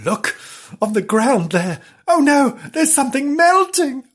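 A woman doing a squeaky, panicky male animal. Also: sing-song, measured pace. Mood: alarmed. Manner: squeaky and alarmed. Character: anxious, gullible male farm animal.

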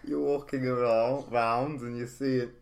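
A man's voice: medium pitch, fairly even intonation, unhurried, vocal fry, darkish tone. A man co-hosting a podcast in casual chat, rambling through a made-up scenario and laughing at his own story. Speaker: podcast co-host.

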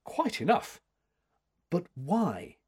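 A man reading aloud and voicing a sharp, commanding elderly woman art critic with a curt manner in a storybook reading. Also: high voice, huge pitch swings, extremely slow, slightly rough, pitched above the performer's own voice, heavily acted. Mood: brisk commanding. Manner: curt, commanding, searching questions.

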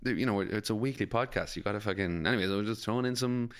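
A man's voice: lowish voice, quick pace, clean tone. An Irish man from Galway, co-hosting a podcast and telling a rambling story in casual chat, full of fillers and swearing. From Ireland, Galway. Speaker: podcast co-host.

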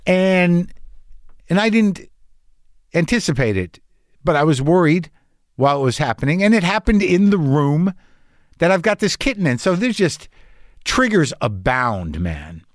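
A man's voice: fairly high pitch, very animated, unhurried, long pauses, no echo, studio quality. A man telling a rambling, anxious story in a casual monologue, swearing and restarting often, as a podcast host.

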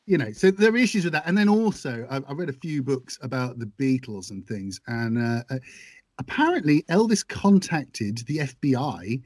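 A man's voice: medium pitch, lively intonation, normal speed, darkish tone, dry recording. A man in casual chat, jokey and self-deprecating, often laughing as he talks.

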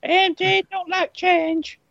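Crude teasing podcast co-host, woman, gravelly, dull dry recording. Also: extremely high pitch, little pitch movement, slow, a bit bright, no room sound. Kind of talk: casual comedy chat.

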